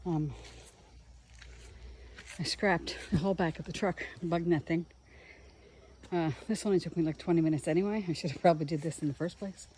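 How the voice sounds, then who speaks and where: A woman's voice: fairly low pitch, moderate pace, long pauses, dark tone. A woman talking casually to the camera as she sets up a solo campsite, rambling and chatty. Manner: chatty, rambling, talks to the viewer while working. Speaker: solo camping vlogger. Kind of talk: casual camping vlog. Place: outdoor campground. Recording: outdoor campsite noise. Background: outdoor ambience, passing trains and planes.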